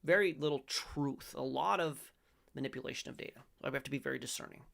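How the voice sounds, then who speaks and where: Talking fast, a middle-aged man hosts a faith-based commentary, reading aloud and reacting casually. His gravelly, fry-heavy voice rambles and corrects itself mid-sentence before bursting out loud and emphatic.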